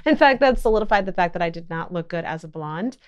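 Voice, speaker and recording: A woman's voice: fairly low pitch, animated, quick pace, clear, resonant tone, highs cut off. Chatty, laughing woman podcast host. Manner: chatty storyteller who laughs often. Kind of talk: casual chat.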